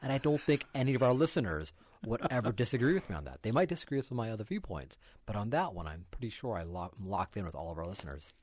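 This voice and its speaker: A man's voice: lowish voice, sing-song, fast talker, few pauses, darkish tone. A man co-hosting a radio talk show, chatting in a playful, jokey way. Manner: playful, jokey, laughs often. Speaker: radio co-host. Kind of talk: casual radio chat.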